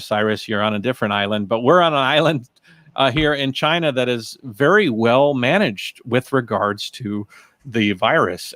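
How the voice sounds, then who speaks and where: A man's voice: medium pitch, a bit bright, no room sound, clean studio sound. Hesitant man hosting a panel. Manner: hesitant, with many fillers. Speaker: livestream host. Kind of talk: casual panel discussion. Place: China.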